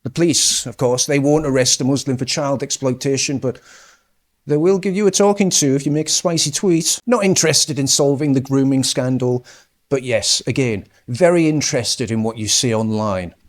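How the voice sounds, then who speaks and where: A man's voice: medium pitch, moderate pace. A man giving sarcastic, mocking political commentary over clips. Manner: sarcastic, mocking, with scornful laughs.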